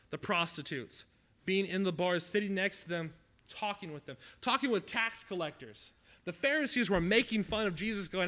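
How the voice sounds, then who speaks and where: Bright-voiced preacher, talky and dramatic. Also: male voice, high voice. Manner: conversational, dramatic swings from loud to hushed. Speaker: youth camp preacher. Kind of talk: sermon.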